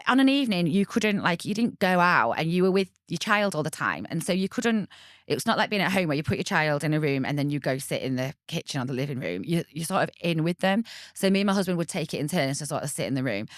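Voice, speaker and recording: Chatty woman, low and close. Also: fast talker, dry recording. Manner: chatty, animated, laughs often and acts out quoted voices. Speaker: podcast guest. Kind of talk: candid personal storytelling.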